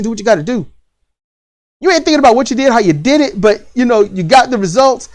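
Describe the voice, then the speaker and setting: A vlogger ranting bluntly about parenting and school in a casual, repetitive way, with lively rises in pitch. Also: fast. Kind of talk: opinion rant to camera.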